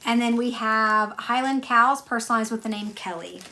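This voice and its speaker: A woman's voice: on the high side, moderate pace, pushed and bright, slight background noise. A young woman hosting a casual livestream, chatty and rambling, laughing often and talking to her viewers by name. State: tired. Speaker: livestream host selling stickers and stationery.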